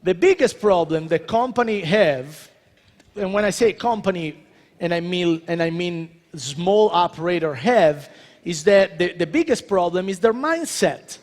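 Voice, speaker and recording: A man in his thirties from Italy with an Italian accent, giving a joking, animated motivational talk to a convention audience. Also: sits high, measured pace. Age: 30s. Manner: joking, animated, addresses crowd directly. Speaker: celebrity chef speaker. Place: large convention hall. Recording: reverberant hall.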